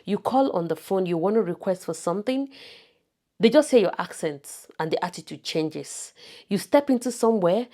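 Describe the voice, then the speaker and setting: A woman's voice: mid-range voice, animated, moderate pace, warm tone. A woman from Nigeria with a Nigerian accent, talking casually to camera in a vlog and stressing her points with repetition. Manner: emphatic, repeats words for stress. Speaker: vlogger.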